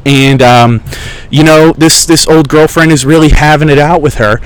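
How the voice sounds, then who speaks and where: A man's voice: a little high, steady tone, normal speed, clean tone, poor audio. A young man chats casually as a podcast host, telling rambling stories. His talk is profane and sarcastic, with a wandering, offhand flow. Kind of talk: casual storytelling chat. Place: outdoors in a park.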